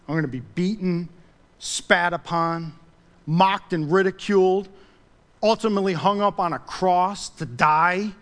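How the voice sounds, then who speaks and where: A man's voice: a little high, close to an everyday voice. A male preacher voicing a reluctant man who grumbles and shrugs off a hard task. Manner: offhand, grumbling.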